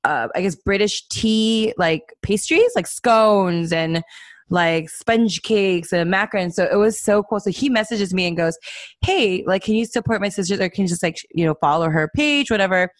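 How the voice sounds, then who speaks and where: A woman's voice: mid-range voice, moderate pace, dry recording. A woman co-hosting a casual podcast, chatting in a rambling, giggly way with lots of fillers. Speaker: podcast co-host. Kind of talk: casual chat.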